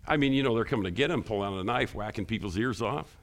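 A man preaching a sermon in a low, gravelly voice. He asks the congregation questions as he goes. His voice climbs high and loud when he drives a point home. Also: fast, hardly any pauses. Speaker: pastor.

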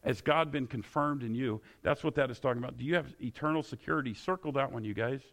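Gravelly-voiced preacher man. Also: mid-range voice, quick pace, a bit bright. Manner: repetitive, emphatic questioning. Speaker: pastor. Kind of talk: sermon.

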